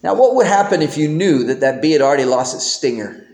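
Animated high-voiced preacher in echo. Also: male voice, fast. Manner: animated, emphatic, with homely humor. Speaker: pastor. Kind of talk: sermon. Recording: roomy echo.

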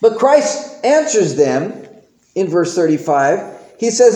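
Animated high-voiced preacher in echo. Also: male voice, slow. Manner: animated, emphatic, with homely humor. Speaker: pastor. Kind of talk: sermon. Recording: roomy echo.

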